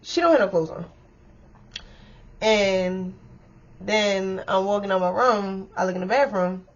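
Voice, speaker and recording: Animated woman telling a storytime tale. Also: mid-range voice, measured pace. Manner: animated, profane, talks straight to viewers. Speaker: storytime vlogger. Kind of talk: casual storytime monologue. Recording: dull lo-fi sound.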